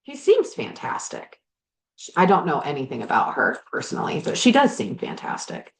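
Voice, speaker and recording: A woman whose voice sits low, with huge pitch swings and vocal fry, speaks at a moderate pace. A life coach and podcast host, she chats frankly and animatedly in her garage while working on projects, swearing now and then in a candid motivational talk recorded with a roomy echo.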